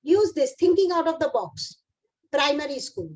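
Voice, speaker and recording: A woman's voice: high voice, sing-song, moderate pace, a little mellow, poor audio. Encouraging Indian English woman speaker. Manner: encouraging, addresses audience like a class. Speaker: keynote speaker. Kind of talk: motivational keynote to teachers.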